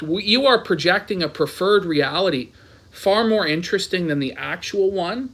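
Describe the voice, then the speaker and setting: Male streamer with a high voice, profane ranting commentary. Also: fairly bright tone. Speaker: streamer host. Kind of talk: angry commentary reading posts aloud.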